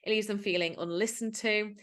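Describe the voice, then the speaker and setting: A woman's voice: mid-range voice, fairly even intonation, fairly quick, fairly bright tone. A woman, a digital wellbeing coach, explaining in an earnest, conversational way and acting out quoted speech. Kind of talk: talking-to-camera explainer.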